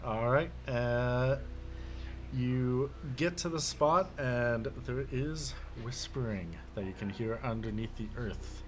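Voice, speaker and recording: A man narrating a tabletop game as game master, halting with many fillers. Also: mid-range voice, noisy background.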